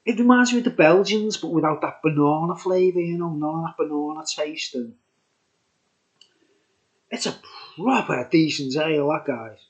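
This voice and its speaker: A man's voice: a little high, normal speed. A man casually reviewing a beer on his vlog, chatty and enthusiastic, rambling with laughs. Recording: dull lo-fi recording.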